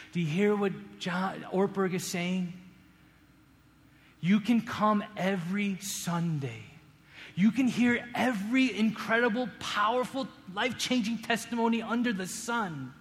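Earnest pastor, slightly high voice, reverberant sanctuary. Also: male voice. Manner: earnest, swings from raised emphasis to hushed appeals. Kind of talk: sermon. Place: church sanctuary. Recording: long hall reverb, faint room ambience.

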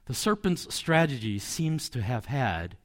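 A man's voice: medium pitch, big pitch swings, a little slow. A man, a pastor, preaching a sermon in a conversational, storytelling way with asides and light chuckles.

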